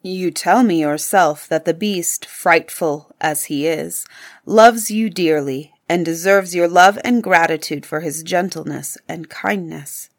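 A woman voicing a thoughtful older father in a storybook, giving calm, measured advice a little lower than her narration.

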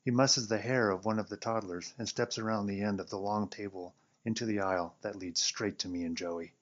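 Low-voiced man reading a wry story. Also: steady tone, a little fast. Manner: wry, sardonic narration. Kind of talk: first-person story reading. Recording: dull lo-fi recording.

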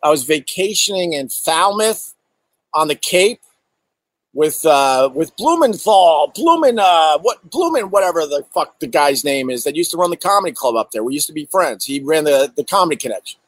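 A middle-aged man, a comedian, telling casual stories outdoors in an animated, profane way and answering viewer chat. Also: fairly high pitch, normal speed, dry recording, poor audio. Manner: animated, profane, acts out exaggerated quotes. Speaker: comedian host. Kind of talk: casual storytelling monologue. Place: outdoors in bright sun.

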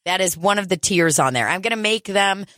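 A woman co-hosting a loose, raunchy podcast. Her voice is bright and clear, recorded close and dry. She rambles, restarts and swears with easy laughter. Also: mid-range voice, animated, a little fast, no room sound. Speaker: podcast co-host. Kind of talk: casual crude podcast banter.

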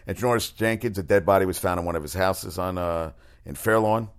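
A man's voice: low voice, fairly quick, clean tone. A man hosting a casual sports talk monologue, rambling and profane, often restarting his sentences. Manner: exasperated outbursts.

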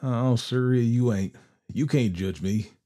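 A man voicing a cocky, fearless outlaw who drawls and mocks with rough grammar. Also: mid-range voice, takes it slowly, dark tone, pitched above the performer's own voice, close to an everyday voice. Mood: mocking. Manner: snickering, drawling backwoods grammar.

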